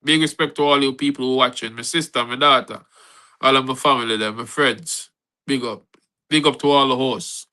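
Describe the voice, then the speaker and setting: A man's voice: mid-range voice, brisk, rough recording. Man hosting a poetry livestream. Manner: animated, laughing, patois phrases. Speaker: host.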